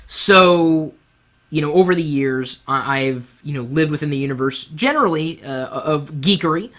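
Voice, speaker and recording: A man with a high-pitched voice hosting a live-streamed web show from his studio set, talking candidly and from the heart into a boom mic on top of the camera. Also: normal speed. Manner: animated, candid, speaks from the heart. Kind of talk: live-streamed advice talk. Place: home studio set with lights.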